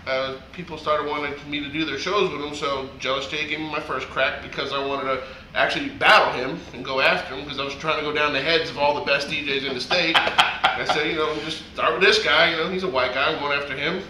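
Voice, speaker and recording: A man guest DJ telling stories in an animated, profane way, acting out quotes in a casual interview. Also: on the high side, fairly quick. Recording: echoey room, faint noise.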